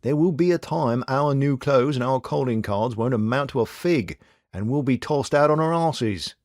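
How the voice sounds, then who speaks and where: A man voicing a shrewd, steady young male detective who talks bluntly and wryly. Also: medium pitch, normal speed, no room sound, clean studio sound, natural voice. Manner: blunt, wry and reassuring.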